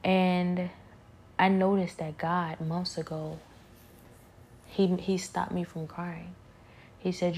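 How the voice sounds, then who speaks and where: A woman talking earnestly about her faith on a podcast, halting often and slipping into soft whispered prayers. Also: lowish voice, level tone, a little hiss or hum. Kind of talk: personal faith reflection.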